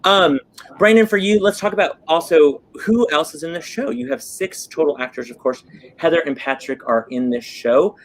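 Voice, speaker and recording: A man hosting a casual chat, lively and talkative, quick to jump in. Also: a little high, a little hiss or hum. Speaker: host.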